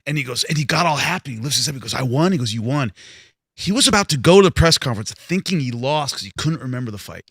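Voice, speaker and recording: Bright-voiced man telling a story on a panel. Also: medium pitch, animated, racing, few pauses, slightly rough, dry recording, clean studio sound. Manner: storytelling, acts out quoted voices. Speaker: boxing show host. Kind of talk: animated panel chat.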